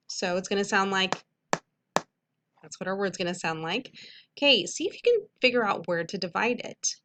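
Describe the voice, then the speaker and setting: A woman teacher giving a recorded phonics lesson to students, speaking in a clear, patient, instructive way and slowly stretching out sounds. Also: mid-range voice, sharp tone, slight background noise.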